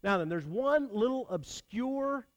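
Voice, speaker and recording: Man, fairly high voice, sermon, chatty preaching, addresses the congregation. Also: lively intonation, measured pace. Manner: engages congregation directly, conversational preaching. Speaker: pastor.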